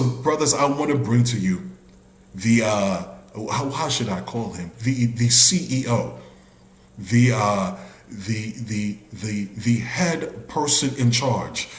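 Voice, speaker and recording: A man hosting a church men's ministry live stream, animated and chatty, with many restarts and shout-outs. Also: lowish voice, a little slow, reverberant. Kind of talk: upbeat casual hosting.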